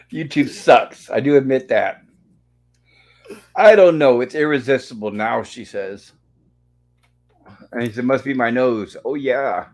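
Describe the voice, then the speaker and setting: A male host with a mid-range voice goes a little slow as he walks through an old sitcom episode on his casual online show, reading characters' lines in a chatty, storytelling manner. The recording is low quality.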